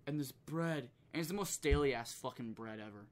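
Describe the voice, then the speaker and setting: A man's voice: mid-range voice, normal speed, close to an everyday voice. A man putting on a put-on British accent to parody a brash celebrity chef, with exaggerated, crude mockery. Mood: mock-gentle.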